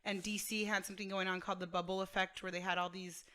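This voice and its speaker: A woman's voice: mid-range voice, fast. A woman in her thirties from Texas, co-hosting a casual podcast chat, telling stories with lots of swearing and laughter. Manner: animated storytelling, profane, laughs often. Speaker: podcast co-host.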